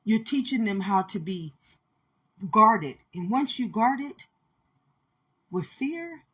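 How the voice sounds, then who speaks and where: A woman's voice: medium pitch, expressive, slow, fairly bright tone, breathy edge. A woman giving an impassioned spiritual monologue, speaking intensely and repeating her points as she addresses listeners directly.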